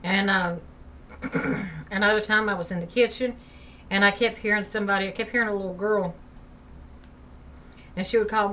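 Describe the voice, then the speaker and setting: A woman's voice: medium pitch, expressive, moderate pace, long pauses, bright, forceful tone. A woman vlogger at home, chatting loosely through a ghost story and filling her talk with "you know". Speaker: vlogger telling ghost stories. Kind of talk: casual spoken storytelling. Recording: distant mic, faint background hiss.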